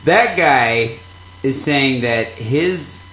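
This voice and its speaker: A man's voice: medium pitch, expressive, very slow, fairly bright tone, slight background noise. A man hosting a podcast, chatting in a crude, joking way. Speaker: podcast host. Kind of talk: casual chat.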